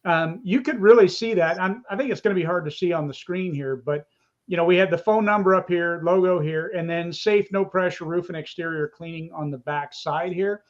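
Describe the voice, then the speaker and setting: A man with a fairly high voice explains things step by step in a relaxed live chat. His audio comes through a dull, lo-fi video call line. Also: fairly quick. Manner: explanatory, walks through pictures on screen. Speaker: co-host.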